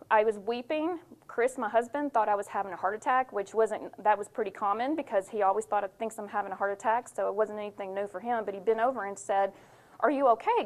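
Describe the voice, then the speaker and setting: A young woman, a cookbook author, giving a candid personal testimony to an audience. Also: a little high. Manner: candid, storytelling, emotional swings.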